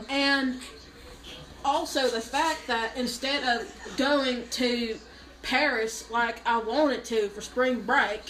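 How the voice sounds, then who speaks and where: A woman's voice: a little high, slight background noise. A woman performing a comic monologue, telling a spoiled, self-pitying story with a straight face. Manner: mock self-pitying, deadpan exaggeration. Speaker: comedic storyteller. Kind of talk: mock-dramatic comic monologue. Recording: roomy echo.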